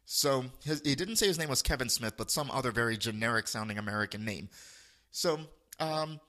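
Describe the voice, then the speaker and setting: A man telling a funny story in casual chat, animated and laughing often. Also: medium pitch, a little fast.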